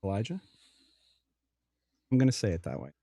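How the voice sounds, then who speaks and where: A man's voice: lowish voice, huge pitch swings, moderate pace, mellow, husky, no room sound. A man from Western Pennsylvania with a Western Pennsylvania accent, hosting a casual livestream chat and greeting viewers by name. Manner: chatty, laughs easily, greets chat by name. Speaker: livestream host.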